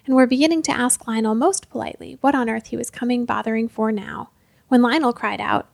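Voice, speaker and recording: A woman reads a storybook aloud with gentle, measured pacing. Her voice is fairly high, and the recording is dry with no room echo. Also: fairly even intonation, creaky.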